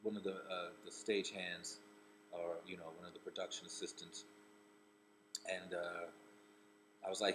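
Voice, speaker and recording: A man's voice: low-pitched, level tone, moderate pace, long pauses, a bit bright, a little hiss or hum, poor audio. A man from Rhode Island who works as a comedian and actor, telling a personal story casually with many restarts.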